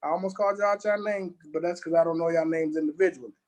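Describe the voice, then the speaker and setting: A man's voice: fairly high pitch, fairly even intonation, fast talker. A man, co-hosting a casual review show and making blunt, slangy, laid-back remarks. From Louisiana. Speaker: co-host.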